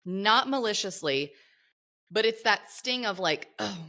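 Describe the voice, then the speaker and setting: Bright-toned reflective woman podcast co-host. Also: medium pitch, lively intonation, unhurried. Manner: reflective, laughs often. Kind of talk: casual conversational podcast.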